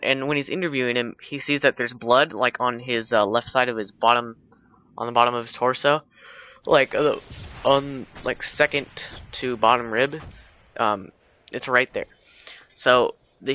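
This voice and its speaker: A man's voice: medium pitch, lo-fi sound. A man casually retelling a film's plot for a video, rambling with lots of fillers and restarts, with teasing asides. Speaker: video blogger.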